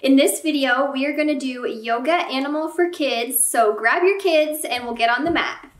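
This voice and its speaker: A young woman teaching a yoga class for children, giving gentle, encouraging cues and playful animal sounds. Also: high-pitched, normal speed. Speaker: yoga instructor. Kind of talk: kids yoga class instruction. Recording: echoey room, mic at a distance.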